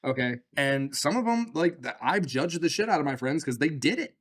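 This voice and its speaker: A man's voice: fairly high pitch, lively intonation, normal speed. A man from the Midwest riffing as co-host of a casual podcast. He rambles loosely, swears freely and breaks into laughter often. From Michigan.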